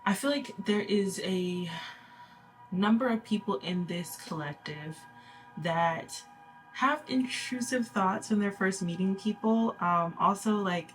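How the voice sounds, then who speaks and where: A woman's voice: medium pitch, takes it slowly, a bit bright, soft background music. A woman giving a casual spoken card reading to her viewers, chatty and reassuring, full of fillers and small laughs. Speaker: tarot reader.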